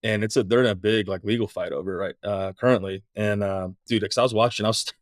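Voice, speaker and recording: Fast-talking podcast host. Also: male voice, lowish voice, steady tone, no echo, studio quality. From East Tennessee. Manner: rapid, casual, profane. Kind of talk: casual chat.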